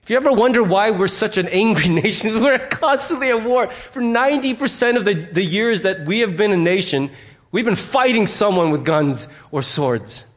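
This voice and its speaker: Guy pastor preaching a sermon, earnest and emphatic, stumbles and restarts a lot, voice a bit on the high side. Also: animated, normal speed. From United States.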